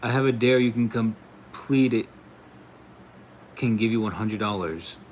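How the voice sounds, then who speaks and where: A man's voice: on the low side, unhurried, slight background noise. An American man hosting a casual livestream, reading out chat comments in a laid-back way, laughing often and calling people "bro" and "dude". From United States. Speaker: livestream host answering chat.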